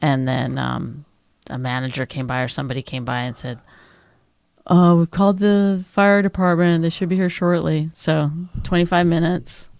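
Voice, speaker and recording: A middle-aged woman co-hosting a podcast, her voice sitting a little low in her range. She tells stories in casual chat and pitches up sharply to act out what others said. The sound is dry and close. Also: normal speed, creaky, no echo. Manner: animated storyteller who acts out quotes in a high voice. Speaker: podcast co-host.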